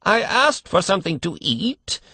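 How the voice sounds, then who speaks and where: A man's voice: high-pitched, big pitch swings, measured pace, sharp tone, breathy edge, dry recording, pitched above the performer's own voice, full character voice. Cracked, whining ancient old man, as a male reader puts him on. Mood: querulous. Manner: complaining, whiny.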